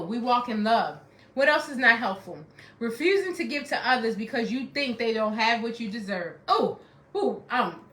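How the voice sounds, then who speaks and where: Middle-aged woman, life coach; preachy, emphatic repeater, bright and higher voice, roomy echo. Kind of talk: motivational self-help talk.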